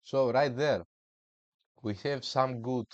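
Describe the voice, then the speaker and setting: A man's voice: mid-range voice, steady tone, slow, dry recording, lo-fi sound. A man giving casual, hyped commentary while streaming a football management game, with playful, slangy trash talk. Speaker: gaming streamer.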